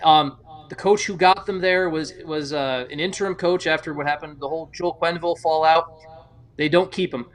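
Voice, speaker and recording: A man analyzing hockey trades on a podcast, animated and prone to restarts. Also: a little high, fairly quick. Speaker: hockey reporter. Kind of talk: sports analysis discussion.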